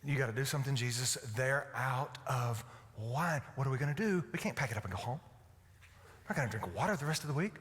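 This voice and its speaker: A man acting out an anxious mother who has run out of wine at a wedding. She pleads in a lowered, hushed, bright voice. It rings out in a reverberant sanctuary. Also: expressive, quick pace, close to an everyday voice. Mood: fretful. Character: worried middle-aged mother at a wedding. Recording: echoey hall reverb.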